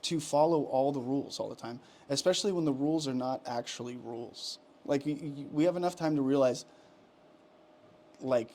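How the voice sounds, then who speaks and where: Speaking a little fast in a warm, medium-pitched voice, this thirtysomething male co-host goes on a heated podcast rant. He's profane and rambling, restarting himself often in the casual chat.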